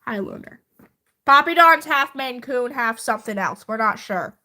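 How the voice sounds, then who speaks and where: Woman streamer, high voice, swings all over the place; excitable, curses freely. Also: normal speed. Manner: excitable, swearing, shrieks when worked up. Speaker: livestreamer. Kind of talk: casual livestream chat with viewers.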